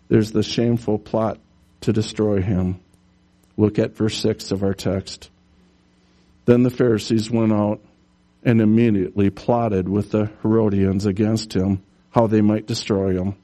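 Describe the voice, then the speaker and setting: A man preaching a sermon, animated, telling stories and putting on voices for the characters in them. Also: lowish voice, measured pace, pauses often. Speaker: pastor.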